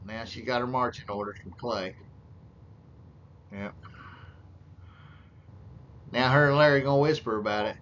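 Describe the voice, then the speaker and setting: A man's voice: mid-range voice, measured pace, pauses often, fairly bright tone. A man giving crude, sarcastic running commentary over meeting footage, drawling and mocking the people he watches. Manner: mocking, crude, drawling, puts on voices for others. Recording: dull lo-fi audio with faint hiss.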